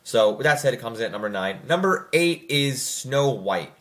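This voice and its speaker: Animated young adult rambling film reviewer. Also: mid-range voice, normal speed. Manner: animated, rambling, with frequent fillers and self-corrections; does mocking quoted voices. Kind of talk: casual movie review commentary.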